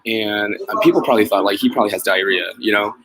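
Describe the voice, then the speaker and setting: Against crowd noise and poor audio, a mobile pet groomer vlogger with a fairly low voice speaks quickly in a casual chat to his live viewers. He wanders from point to point, laughs at himself often, and peppers his speech with fillers and restarts.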